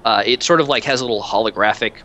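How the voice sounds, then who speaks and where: A man's voice: lowish voice, rapid-fire, pushed and bright, a little hiss or hum. A man narrating as game master, describing scenes in a loose, rambling way. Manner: loose, rambling description with many fillers and restarts.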